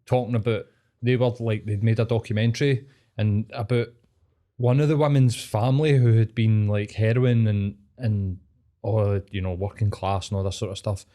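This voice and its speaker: A man's voice: lowish voice, steady tone, moderate pace, warm tone. A man with a Scottish accent, a podcast host chatting casually, swearing freely and rambling with lots of fillers. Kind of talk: casual chat.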